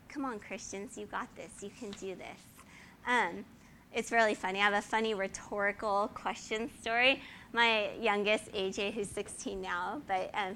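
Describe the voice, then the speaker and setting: A woman's voice: on the high side, bright, forceful tone, slight background noise. A woman in her forties teaching the Bible to a group in a casual, chatty way, often asking 'right?' and laughing.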